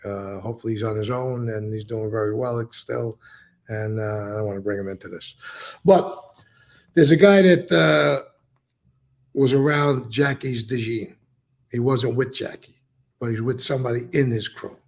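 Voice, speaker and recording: A man's voice: medium pitch, moderate pace. An older man, a former mob member telling stories in an interview and acting out what others said. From New York. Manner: gravelly, profane, tells stories acting out quotes. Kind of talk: conversational interview.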